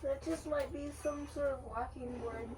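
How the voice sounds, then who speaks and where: A woman's voice: high-pitched, steady tone, moderate pace. A woman bantering playfully off camera with the cook in a home kitchen. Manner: playful, teasing. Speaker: helper off camera. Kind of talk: casual banter. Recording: distant and very noisy.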